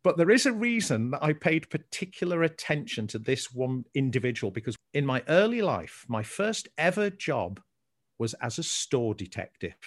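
A man with a Scouse accent co-hosting a casual podcast chat, telling stories in a chatty, animated way. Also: medium pitch, normal speed. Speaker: co-host.

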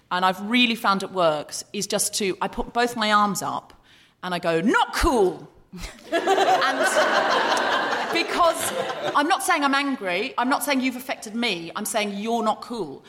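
A woman's voice: mid-range voice, lively intonation, moderate pace, pushed and bright, long reverb tail. A woman hosting a live comedy podcast, playfully bantering with her co-host and leading the audience. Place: live venue in front of an audience. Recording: noisy live recording with crowd.

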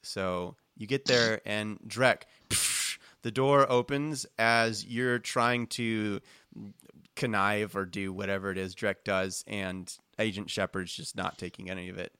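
A man's voice: lowish voice, steady tone, measured pace, bright, forceful tone, clear, resonant tone, no room sound, studio quality. A man narrating a tabletop game as game master, chatty and jokey. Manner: chatty, jokey, trails off with ums.

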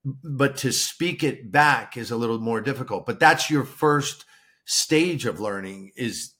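A man of ordinary pitch talks casually as a podcast co-host. He explains things at length and often repeats words while finding his way. His tone stays relaxed and conversational. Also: a little slow. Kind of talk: casual chat.

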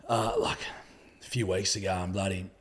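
A man's voice: sits low, fairly even intonation, moderate pace. An Australian man in a casual podcast chat who talks bluntly and swears freely. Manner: blunt, sweary, laid-back. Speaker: podcast co-host, guest.

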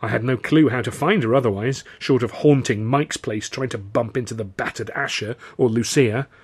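A man narrating his own novel in the first person, with wry, animated reading. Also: mid-range voice, moderate pace, husky. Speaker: author and reader.

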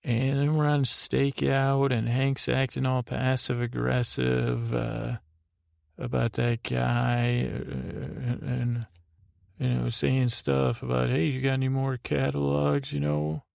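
A man's voice: mid-range voice, flat delivery, slow, vocal fry, darkish tone, no room sound, studio quality. A man hosting a bedtime podcast, rambling through a meandering recap full of fillers and digressions. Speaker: podcast host.

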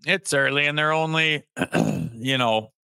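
A man co-hosting a sports podcast in casual chat, talking in an animated way and swearing freely. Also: mid-range voice, slow, vocal fry, clear, resonant tone, dry recording, clean studio sound. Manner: animated, swears, acts out players' voices. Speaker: podcast co-host.

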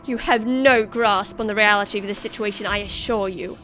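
A woman's voice: mid-range voice, fairly even intonation, a little fast, a bit bright, faint music behind, close to an everyday voice. A woman voicing a haughty, defiant upper-class young woman with an imperious, indignant manner.

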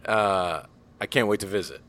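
A man's voice: on the low side, moderate pace, fairly bright tone. A man hosting a casual chat in a laid-back, joking way.

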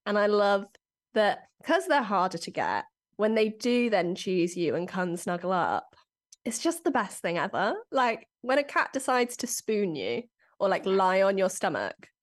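A young adult woman, a comedian guest on a podcast, chatting casually, laughing often and breaking into a high cooing voice. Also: a little slow. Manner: animated, giggly, slips into high cooing cat voice.

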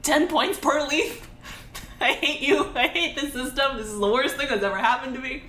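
A woman playing a flustered young male master who yelps in high, squeaking alarm, his voice cracking with exasperation as he half-laughs through it. The sound sits in an echoey room with a faint hiss behind it. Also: normal speed, bright, forceful tone. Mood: exasperated.

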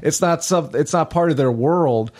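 A man's voice: a little high, moderate pace, darkish tone. A man in casual podcast conversation, ranting with heavy swearing about a broken system and laughing along with his co-host. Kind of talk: casual chat.

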